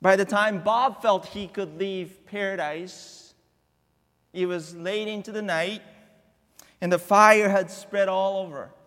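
A man preaching a sermon as a guest pastor in a church, telling a family story with drawn-out, deliberate repetitions. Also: sits high, fairly even intonation, fairly bright tone, in a large hall. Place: church sanctuary.

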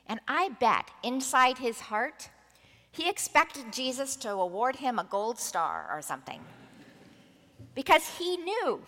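A woman's voice: sits high, pushed and bright, in a large hall. A woman preacher giving a sermon, telling a story expressively and acting out the voices in it.

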